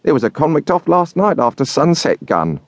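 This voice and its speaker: A kindly village blacksmith speaks gently in a raised, soft voice, as a man puts him on in a storybook reading. His lines move with lively lift and a close, dry sound. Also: fairly high pitch, normal speed, dry recording, voice pushed up. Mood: gentle.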